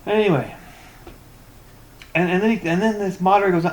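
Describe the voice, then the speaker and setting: A man's voice: high voice, steady tone, fairly quick, long pauses. A man ranting in a vlog about poor tech support, reading forum posts aloud with sarcastic, exasperated comments and many stammered repetitions. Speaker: tech vlogger.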